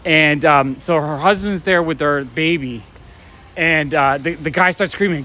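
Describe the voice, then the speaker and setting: A man's voice: a little high, normal speed, sharp tone. A man hosting a live stream while walking outdoors at night. He chats casually and enthusiastically, with lots of fillers and restarts. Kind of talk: casual rambling chat. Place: city street at night, outdoors. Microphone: handheld phone or camera while walking.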